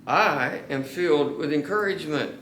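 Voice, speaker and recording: Earnest male pastor mid-sermon, drawn-out emphasis; reverberant church sound. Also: a little high, a bit bright, slight background noise. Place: church sanctuary. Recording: echoey church room.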